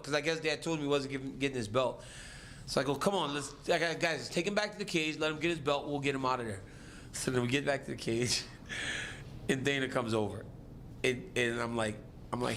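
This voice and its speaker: Man, fighter, casual storytelling, animated, acts out the other voices, faint hum behind. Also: medium pitch, quick pace.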